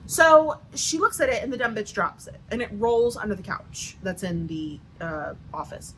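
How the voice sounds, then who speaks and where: A woman with a Southern US accent delivers a sarcastic, profanity-heavy book review rant packed with "like" fillers. Her medium-pitched voice is expressive, slightly bright, and at a normal speed, on a rough recording with a little hiss or hum.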